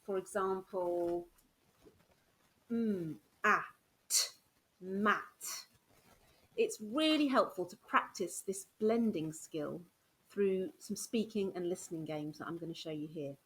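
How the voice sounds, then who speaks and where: A woman primary school teacher, patiently explaining a phonics game to parents and sounding out words slowly. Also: on the low side.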